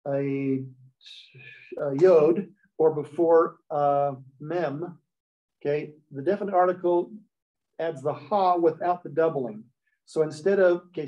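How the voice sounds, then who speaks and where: Guy teaching a class, kinda high voice, keeps going "okay?", muffled lo-fi sound. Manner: explains step by step, checks in with "okay?". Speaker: Hebrew teacher. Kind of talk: classroom lecture. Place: class with students. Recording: dull lo-fi recording.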